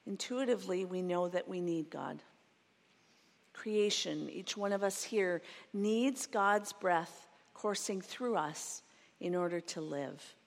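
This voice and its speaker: A woman preaching a sermon in a slow, reflective way, reading a passage and then going over it again. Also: fairly low pitch. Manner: slow, reflective, reads a quoted passage twice. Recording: long reverb of a large hall.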